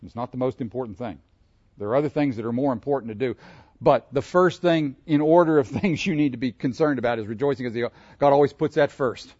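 A man's voice: mid-range voice, fast, darkish tone, no room sound, muffled recording. A man preaching a sermon, asking his congregation questions and laughing between his points. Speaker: pastor. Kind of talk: interactive sermon.

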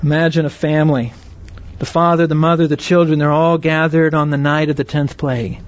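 A man teaching a Bible lesson in an earnest, explanatory way, often checking that listeners follow with quick rhetorical questions. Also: a little high, flat delivery. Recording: dry, slightly dull lo-fi recording.

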